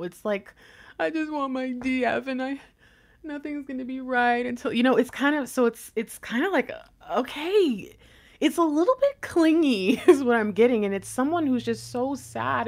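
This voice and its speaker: A woman's voice: a little high, a little mellow. A woman giving a casual tarot reading to camera, chatty and rambling, giggling often and swearing casually. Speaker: tarot reader.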